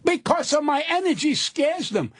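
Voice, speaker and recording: An older male comedian ranting loudly and profanely as a guest in a radio studio. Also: extremely high pitch, big pitch swings, moderate pace, no echo. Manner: loud, profane, indignant ranting.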